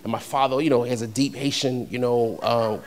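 A young adult man from New York preaching a sermon, shifting between conversational storytelling and loud, emphatic peaks. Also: medium pitch, steady tone, brisk. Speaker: pastor.

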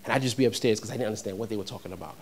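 A young adult man from New York preaching a sermon, shifting between conversational storytelling and loud, emphatic peaks. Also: on the low side, very fast. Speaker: pastor.

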